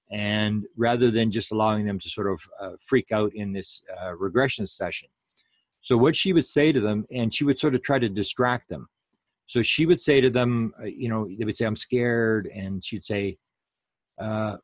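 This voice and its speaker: Male lecturer for an online talk, lowish pitch, dry recording, unhurried delivery full of fillers. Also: no room sound. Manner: unhurried, with many fillers and restarts.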